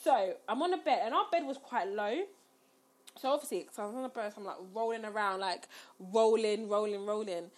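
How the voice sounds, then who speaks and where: A woman's voice: medium pitch, brisk. A young woman telling a story in casual chat, acting out the quotes with rising squeals.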